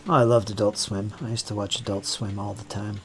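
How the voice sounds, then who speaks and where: A man's voice: fairly low pitch, level tone, brisk. A man hosting a casual hobby live stream, muttering to himself as he works on terrain and reading viewer comments aloud. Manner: chatty, muttering to himself while working, reading chat aloud. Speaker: hobby channel host.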